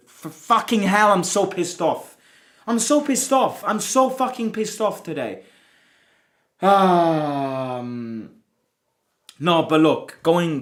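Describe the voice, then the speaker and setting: Male fan-channel host, higher voice, angry post-match rant, profane and repetitive. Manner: heated, swearing, repeating himself. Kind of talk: angry football reaction rant.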